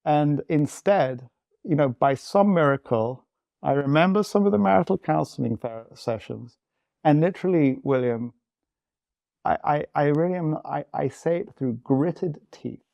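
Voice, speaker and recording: A man in his fifties telling a personal story candidly in an interview, halting and restarting often. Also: on the high side, expressive, vocal fry, a little mellow, no echo. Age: 50s. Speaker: guest.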